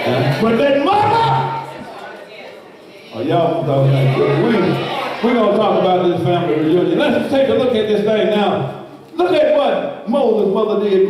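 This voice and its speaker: Pastor, male, high voice, unhurried rhythmic call-and-response delivery that swells into shouting and singing, captured far off in an echoey church hall. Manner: call-and-response preaching, asks the congregation to respond; rhythmic preaching that rises into shouting and sung cadence. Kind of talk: sermon. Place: church sanctuary.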